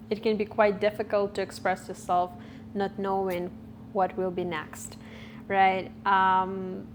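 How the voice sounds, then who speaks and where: Unhurried, thoughtful young woman vlogger. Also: mid-range voice, a little hiss or hum. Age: 20s. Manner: thoughtful, searching for words with frequent fillers. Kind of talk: reflective talk to camera. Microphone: camera recording.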